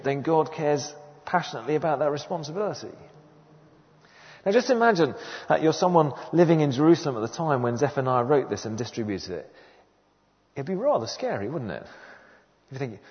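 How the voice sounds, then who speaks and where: An earnest man preaches a sermon, leaning on repeated phrases with a lively, swooping delivery. His voice carries a long reverb from a large hall. The recording itself sounds slightly muffled. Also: fairly high pitch, a little fast.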